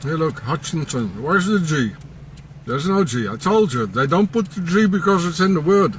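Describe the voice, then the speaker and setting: A man excitedly pointing things out as he walks, talking in a rambling, conspiratorial way outdoors. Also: a little high, moderate pace, slight background noise, poor audio. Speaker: vlogger. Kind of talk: rambling walking commentary.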